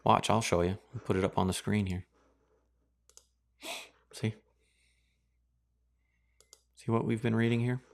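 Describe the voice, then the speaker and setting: Sarcastic, animated male preacher. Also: on the low side, measured pace, vocal fry, pauses often. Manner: sarcastic, animated, acts out reactions. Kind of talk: Bible teaching sermon.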